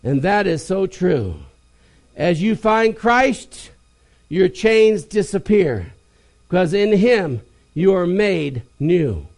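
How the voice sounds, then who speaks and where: A man's voice: high-pitched, expressive, takes it slowly, a little mellow. A man preaching a sermon, leading call-and-response, repeating key phrases and breaking into exclamations.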